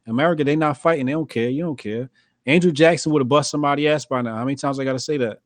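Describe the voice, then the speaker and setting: A man's voice: medium pitch, no echo. A man hosting a casual podcast, talking bluntly and profanely and laughing often. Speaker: podcast host.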